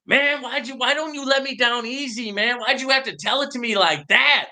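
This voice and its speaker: A man voicing a whiny, upset cat owner in a joke, high-pitched and complaining loudly. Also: moderate pace, heavily acted. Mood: whining.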